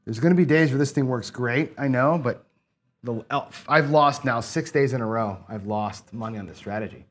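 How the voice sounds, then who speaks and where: A man's voice: mid-range voice, moderate pace. A man casually narrating his own craps game, counting chips and muttering frustrated asides to himself. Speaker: craps channel host. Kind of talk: casual play-by-play while gambling.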